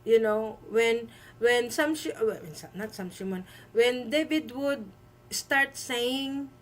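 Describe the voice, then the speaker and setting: Emphatic high-voiced woman streamer. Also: lively intonation, a little hiss or hum, poor audio. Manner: emphatic, repeats herself, halting with fillers. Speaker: livestream host. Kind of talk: live-stream commentary.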